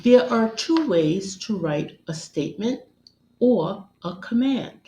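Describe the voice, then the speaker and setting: A woman narrating a scripted grammar lesson as a teacher, in a measured, deliberate, instructional way. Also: medium pitch, expressive, warm tone, dull audio, a little hiss or hum. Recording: roomy echo.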